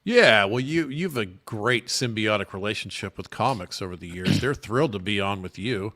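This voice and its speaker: A middle-aged male comedian joins a podcast as a guest and talks in a casual, upbeat way, quick with a joke. His voice has a bright, forceful edge. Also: on the low side, expressive.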